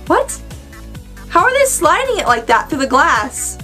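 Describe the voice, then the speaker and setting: A woman arcade vlogger giving excited, playful reaction commentary, full of exclamations. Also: high-pitched, moderate pace, faint music behind. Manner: bubbly, exclamatory, playful voices.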